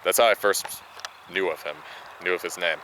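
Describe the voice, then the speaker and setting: A man's voice: low voice, normal speed, bright, forceful tone. A male vlogger narrating plainly to the camera outdoors at night as he sets up camp. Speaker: vlogger host. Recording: noisy outdoor recording.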